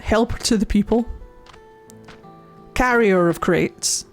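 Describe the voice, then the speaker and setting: A woman's voice: medium pitch, takes it slowly, faint music behind. Giggly, playful woman streamer. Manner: playful and giggly, with frequent laughs; chatty, with many filler likes. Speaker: streamer playing a game. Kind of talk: casual let's-play commentary, reading game text aloud.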